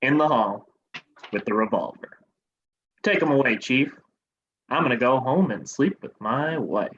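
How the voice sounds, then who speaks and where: A cast member of a live online reading, playing a once-nervous man revealed as an FBI agent, delivered dry and deadpan. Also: medium pitch, unhurried, lo-fi sound, a little hiss or hum, close to an everyday voice. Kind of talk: live amateur script reading over video call.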